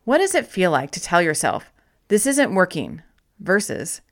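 A woman with a slightly low voice narrates a motivational self-help book. Her reading is gentle and encouraging. She slows down to stress key phrases with deliberate care. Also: sing-song. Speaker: audiobook narrator.

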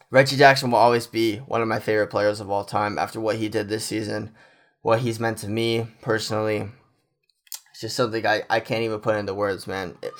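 A young man talking casually as a fan commentator in an effusive, emotional, rambling monologue. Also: fairly low pitch.

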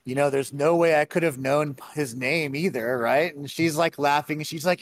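Rambling, animated man telling a story. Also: on the high side, moderate pace, slight background noise. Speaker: conference speaker. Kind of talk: casual podcast chat.

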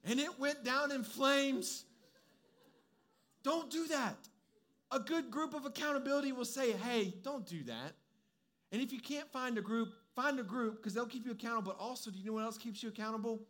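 A man's voice: very high voice, normal speed, a bit bright. A young adult man giving a conversational, humorous sermon as a preacher, mixing personal stories with direct advice.

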